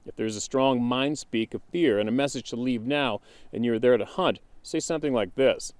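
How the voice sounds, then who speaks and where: A man hosting his channel, reading a viewer's email aloud in a measured, list-like way, then musing hesitantly with fillers. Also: medium pitch, clean tone, dry recording.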